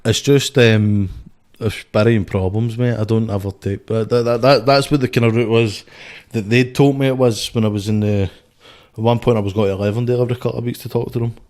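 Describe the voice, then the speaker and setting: A Scottish boxer in his twenties, appearing as a guest in casual podcast chat, tells rambling stories and swears constantly. His voice is medium-pitched, steady in tone, a little mellow, and brisk.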